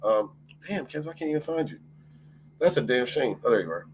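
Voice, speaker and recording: A man's voice: medium pitch, animated, brisk, a little hiss or hum. A man hosting a casual livestream, greeting his chat by name, laughing often and swearing freely. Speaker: livestream host.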